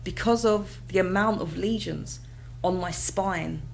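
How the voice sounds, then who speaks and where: A woman in her thirties, an interview guest telling her own story in a candid, conversational way, breaking into high excited exclamations as she recalls moments. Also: unhurried, creaky, a little hiss or hum, rough recording. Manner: animated, bursts into high excited exclamations and laughter when retelling moments.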